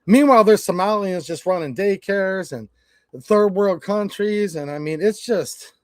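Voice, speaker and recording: On his casual livestream, a man from Michigan speaks with his home accent, high-pitched and a bit slow, cursing bluntly as he tells stories and quotes what people said. The channel host's recording is dry, clean studio sound.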